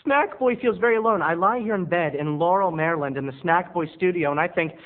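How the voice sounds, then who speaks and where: A fast-talking video blogger rambles through a monologue that's both confessional and self-mocking, speaking to the camera from his bedroom studio. His voice sits slightly high, and the audio has a thin, tinny, phone-line quality.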